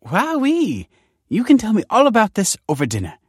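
A man's voice: sing-song, normal speed, dry recording, studio quality. A man putting on a lilting caring mother. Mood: cheerful. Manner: high put-on voice, lilting and bright. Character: caring middle-aged mother, breezy and tender. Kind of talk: audiobook character voice.

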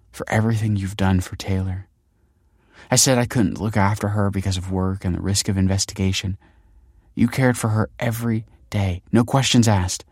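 A man reading an audiobook, voicing a dying woman who speaks softly and tenderly to her husband. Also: fairly low pitch, slightly rough, no room sound, studio quality. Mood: urgent. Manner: soft, gentle, quavering. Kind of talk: audiobook character voice.

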